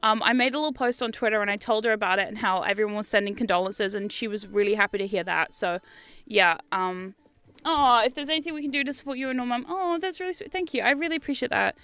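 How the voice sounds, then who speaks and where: Young woman streamer with a bright, crisp voice, dry and close. Chatty, rambling and animated, swears freely. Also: on the high side, fast talker, no echo. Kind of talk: casual chat stream.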